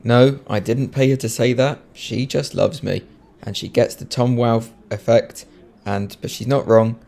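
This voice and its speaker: A man's voice: mid-range voice, fairly even intonation, unhurried, gravelly, darkish tone. A man hosting a casual podcast, jokey and self-mocking as he introduces clips. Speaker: podcast host.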